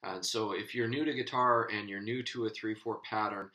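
A man's voice: on the low side, steady tone, moderate pace, pushed and bright, low-quality recording. A man teaching guitar in an instructional video, patiently explaining and counting beats aloud as he strums.

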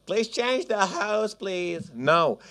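Running a live casino game, this male host banters and jokes with viewers between rounds. He speaks slowly in a high, sing-song, gravelly voice with a fairly bright tone.

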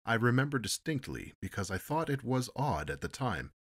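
Give me a man playing an eager, respectful ship's steward, pitched up a bit. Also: big pitch swings, moderate pace, a bit bright, breathy edge. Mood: earnest. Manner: polite, says sir often. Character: deferential male ship's steward, eager and talkative.

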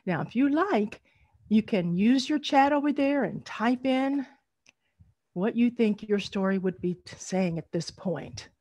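Animated woman teaching a storytelling workshop. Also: fairly high pitch, dry recording. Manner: animated, teacherly, drawn-out emphasis. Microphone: video call.

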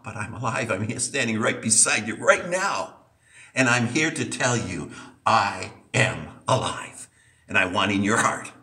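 Male preacher, emphatic sermon, lively pitch, recorded far off in a roomy hall. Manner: emphatic, repeating for stress. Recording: echoey church from a distance.

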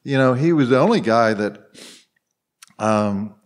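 A man's voice: medium pitch, lively intonation, unhurried. A man telling loose anecdotes to a live convention audience, circling back with fillers and restarts. He chuckles often, and his voice sits in an ordinary middle range. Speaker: panel guest. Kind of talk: anecdotal storytelling on a live panel. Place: convention panel room.

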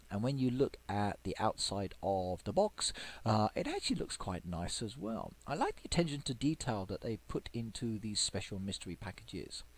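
A man with a fairly low voice gives casual commentary while he plays a farming game. He talks chattily to his viewers, often leaping high with excitement or dropping into a hushed whisper as he waits for a delivery. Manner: chatty, playfully excited, with squeals and sudden whispers. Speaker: game video creator. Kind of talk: gameplay commentary.

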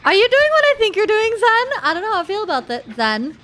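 A woman streaming a game live, excitable and playful, with loud outbursts and swearing. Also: very high-pitched, fast talker, a little hiss or hum. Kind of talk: live gameplay chat.

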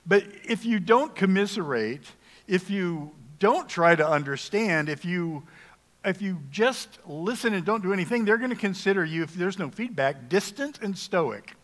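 Jokey pastor in an echoing church. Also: male voice, high-pitched, animated, normal speed, fairly bright tone. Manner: folksy, humorous, conversational preaching. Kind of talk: sermon. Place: church sanctuary. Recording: long reverb of a church hall.

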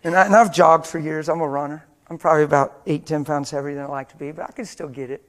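An older white-haired preacher telling a story in a sermon, dropping to hushed whispers and rising to loud, fervent preaching before a live audience. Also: male voice, on the high side, fairly even intonation, fast talker. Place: church or meeting hall before a live audience.

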